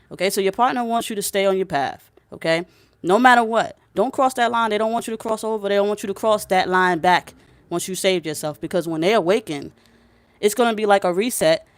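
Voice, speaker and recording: Smooth-voiced woman giving blunt spiritual advice. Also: medium pitch, dry recording, clean studio sound. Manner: emphatic, preachy, blunt, swears freely; keeps checking in with the listener. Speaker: spiritual reader. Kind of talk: casual spiritual advice vlog.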